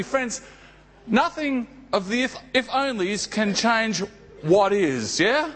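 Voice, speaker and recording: A male pastor with a high voice delivers a sermon at an unhurried pace. He tells the story vividly and keeps checking in with his listeners through rhetorical questions. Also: fairly bright tone.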